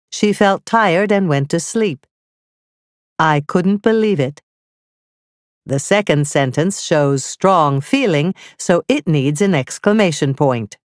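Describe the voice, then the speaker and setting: A woman narrating a scripted grammar lesson, reading slowly and carefully with clearly spelled-out examples. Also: deep voice, a little mellow, no room sound, studio quality. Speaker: teacher.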